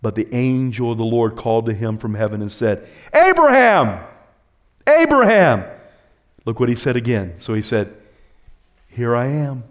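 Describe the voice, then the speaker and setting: A male pastor delivers a sermon, his pitch swinging high and low as he calls out to the congregation. His delivery is flat and brisk with few pauses, and his tone is dark.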